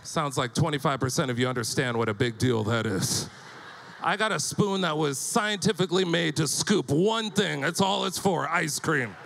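A man in his thirties doing live stand-up comedy on stage, telling animated stories and acting out the voices of the people in them. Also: on the high side, moderate pace, gravelly, a little hiss or hum.

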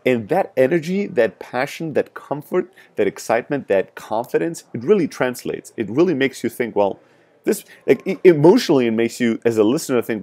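Man, strong european accent, middle-pitched voice, emphatic motivational talk, blunt. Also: lively intonation, brisk, darkish tone. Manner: emphatic, frank, frequent "right?" asides. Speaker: sales startup founder.

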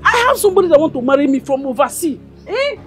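A defiant young daughter. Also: female voice, sits high, big pitch swings, quick pace, faint music behind. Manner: pleading, insistent, protesting. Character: young woman defiantly refusing an arranged marriage.

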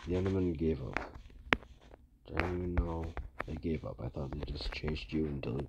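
A man giving casual gameplay commentary, mumbling and breaking into excitable outbursts and groans, recorded with a phone screen recorder. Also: rumbling low, moderate pace, very noisy. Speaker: gamer. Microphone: phone screen recorder mic.

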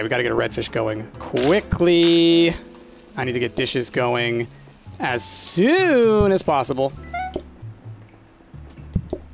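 A man's voice: mid-range voice, creaky. A man, hosting his own channel and giving frantic, exasperated solo commentary over a cooking game. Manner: frantic, exasperated, says "y'all". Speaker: gaming channel host.

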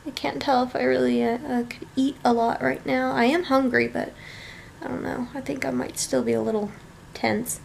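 A woman's voice: high voice, steady tone, moderate pace, vocal fry, slight background noise. Tired, chatty young woman vlogging. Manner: chatty, tired, self-deprecating asides. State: tired and yawning. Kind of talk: casual vlog, hotel room tour. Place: small hotel room, indoors.

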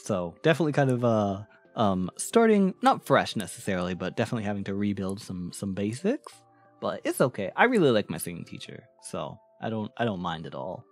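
A man's voice: lowish voice, big pitch swings, a little fast, soft background music. A man streaming in a casual chat, thanking followers, rambling through fillers and restarts, and laughing often. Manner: rambling, with frequent fillers and self-restarts, giggly.

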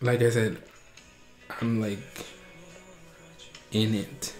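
A young man hosting a reaction video, talking casually and getting excited and emotional as he watches. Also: fairly low pitch, very slow, soft background music.

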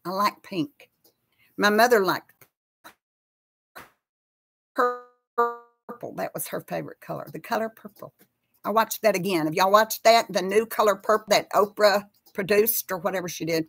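A woman's voice: mid-range voice, a little slow, pauses often, fairly bright tone, husky. Chatty woman hosting a live chat. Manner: chatty, reads out viewer names. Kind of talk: casual live chat with viewers.

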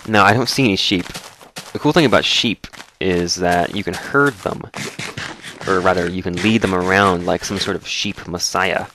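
A man with a dry throat giving rambling, relaxed commentary as he plays through a game. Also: deep voice, moderate pace, a little hiss or hum. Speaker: let's play host. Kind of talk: casual gaming commentary.

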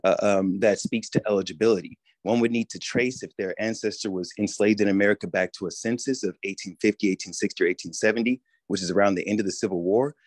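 A man giving a public comment at a town meeting, speaking hesitantly with many pauses and fillers. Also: lowish voice, steady tone, a little mellow, no room sound.

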